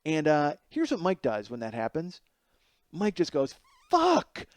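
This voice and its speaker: A man in his forties telling a comic story alone as a podcast host, animated and self-mocking, with plenty of swearing, going from loud outbursts to low mutters. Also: measured pace, no room sound. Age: 40s. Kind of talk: solo comedic storytelling.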